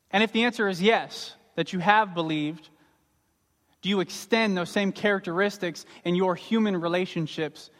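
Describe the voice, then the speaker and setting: A man's voice: on the high side, fairly bright tone. A man preaching a sermon as pastor, earnest and emphatic, repeating his key words. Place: church sanctuary. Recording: long reverb of a large hall.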